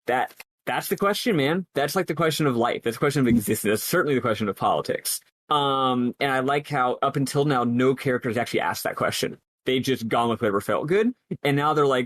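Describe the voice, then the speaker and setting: A man's voice: mid-range voice, expressive, normal speed, a bit bright, no room sound. A man co-hosting a podcast, talking earnestly and at length about a game, thinking aloud with many restarts. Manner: earnest, analytical, rambling with restarts. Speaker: podcast co-host. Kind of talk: casual game discussion.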